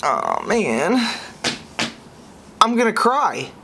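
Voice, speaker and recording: A man's voice: wildly swooping pitch, drawn-out words, creaky. Young guy podcast host, voice jumps all over, faint hiss behind him. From United States. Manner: exasperated, swinging between high outbursts and low muttering. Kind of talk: casual podcast reaction.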